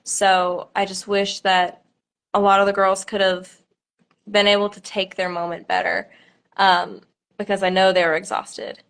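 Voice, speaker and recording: A pageant contestant in her twenties chats casually on a livestream, stopping and starting with plenty of ums and nervous laughter. Her voice is medium-pitched and a bit bright, with a flat delivery.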